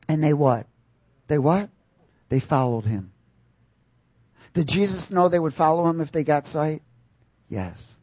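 A man delivers a sermon in a fairly high voice, shifting from quiet reflection to loud emphatic bursts. The sound is dry and close with no room echo. He calls out questions to the congregation as he preaches. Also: unhurried, long pauses. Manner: animated preaching, sudden loud outbursts and asides to the congregation.

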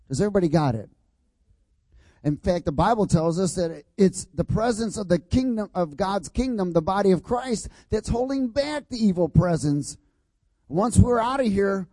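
A man's voice: sits high, mellow, no echo. A man preaching a sermon in an emphatic, repetitive cadence, prompting the congregation to repeat his words and asking if everyone has got it. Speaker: pastor.

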